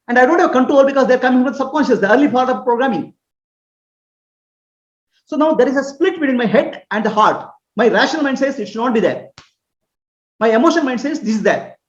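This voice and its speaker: Earnest woman teaching in an echoey room. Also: a little high. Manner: earnest, explanatory, often checks understanding with questions. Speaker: spiritual teacher. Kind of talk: spoken teaching on self-acceptance. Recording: roomy, slightly dull recording.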